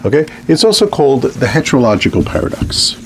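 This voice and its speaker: A man gives a math lecture in a lively, up-and-down delivery, his medium-pitched voice carrying a gravelly edge. He talks fast and keeps saying "okay" to check in with listeners as he works through examples. A faint hiss sits under the recording.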